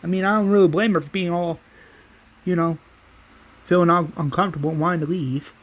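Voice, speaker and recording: A man's voice: high-pitched, steady tone, a little fast, narrow, tinny audio, natural voice. A man voicing a cocky, taunting redneck tough guy in a fan retelling. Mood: mocking. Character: sneering, mocking redneck man.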